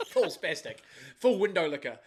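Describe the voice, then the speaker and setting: A man's voice: high voice, noisy background. A man co-hosting a podcast, trading crude, laid-back banter full of swearing. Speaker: podcast co-host. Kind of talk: casual banter.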